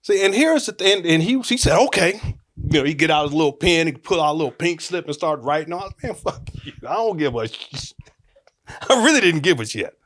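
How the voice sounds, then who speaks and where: A man's voice: fairly high pitch, very animated, fast talker, a bit bright. A man in his forties telling a personal story in a casual, rambling, joking way, often restarting his sentences.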